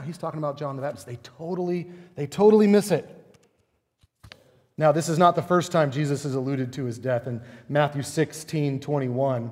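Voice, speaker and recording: A male pastor preaching a sermon, animated and emphatic, with many rhetorical questions. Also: on the high side, big-room sound.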